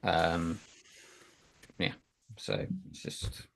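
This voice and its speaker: A man's voice: sits low, expressive, extremely slow, vocal fry, fairly bright tone. A man chatting casually about poker over an online call, rambling and filling gaps with "like". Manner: rambling, leans on "like" fillers.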